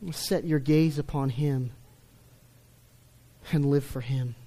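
Slow, emphatic male pastor preaching. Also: mid-range voice, steady tone. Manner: emphatic, swings between loud stresses and hushed lines. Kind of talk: sermon.

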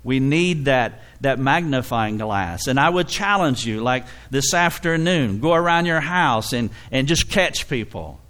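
Middle-aged male pastor, heartfelt sermon, tearful and warm with laughter. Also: medium pitch, lively intonation, measured pace, hardly any pauses. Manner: emotional, tearful storytelling with frequent laughs. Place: church.

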